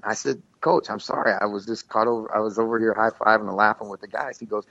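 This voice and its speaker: A former football coach talks through a long story in a casual interview, low in pitch and full of small laughs and false starts. The sound is dry and a little muffled, like a modest lo-fi recording. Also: male voice, steady tone, a little fast, fairly bright tone, no echo. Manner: rambling anecdotes with frequent laughs and restarts.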